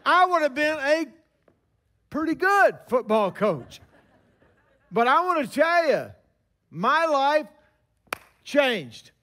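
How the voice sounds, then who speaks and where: A man in his sixties preaching a sermon, telling stories with emphatic pauses. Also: very high-pitched, sing-song, pushed and bright.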